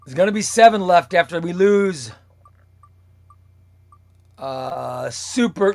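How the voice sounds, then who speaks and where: A man's voice: sits high, slow pace, creaky, pauses often. A man hosting a live comics stream, playfully calling out giveaway names one by one. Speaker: comic channel host.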